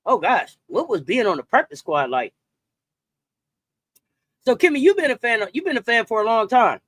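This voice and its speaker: A man with a notably high voice hosts a casual livestream sports talk, full of slang and energy. He greets viewers by name and reads their chat comments aloud. The sound is close and dry, with almost no room around it. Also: dry recording.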